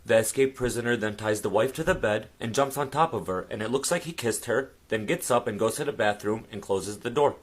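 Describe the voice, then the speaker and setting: A man telling a joke in a deadpan, steady way. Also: medium pitch, a little fast, few pauses.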